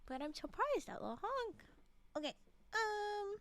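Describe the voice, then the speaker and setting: A woman reading holiday stories on a live stream, slightly hoarse from a frog in her throat, often breaking off to chat and giggle with viewers. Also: extremely high pitch, sing-song, a little slow, a bit bright, dry recording.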